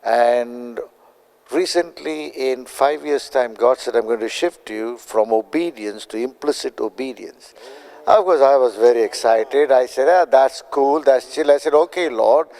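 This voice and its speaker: An older man from India, a guest telling his testimony in an animated way and acting out quoted dialogue. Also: a little slow, poor audio. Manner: acts out quoted dialogue with big pitch jumps. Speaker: guest prophet.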